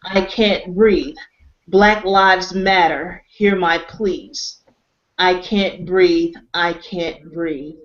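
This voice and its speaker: A woman hosting a webcast panel discussion, wrapping up in a measured, conversational way. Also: fairly low pitch. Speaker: webcast host. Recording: dull lo-fi webcast audio.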